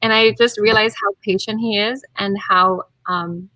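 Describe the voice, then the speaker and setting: A young woman, a bride-to-be, chatting casually on a video call and acting out her own quotes with lively swings. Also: mid-range voice, unhurried, no echo, rough recording. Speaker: guest, bride-to-be. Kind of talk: casual chat.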